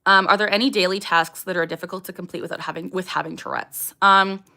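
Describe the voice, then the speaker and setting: A woman's voice: on the low side, steady tone, fast, creaky, pushed and bright. A young woman hosting a casual livestream, answering viewer questions candidly, with frequent ums and sudden vocal tics. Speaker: livestream host.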